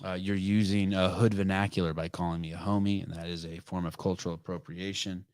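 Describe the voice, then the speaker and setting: A man's voice: sits low, flat delivery, fairly quick, a little mellow, no room sound. A middle-aged man hosting a podcast, telling a rambling family story with asides and self-corrections. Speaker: podcast host. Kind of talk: casual live call-in chat.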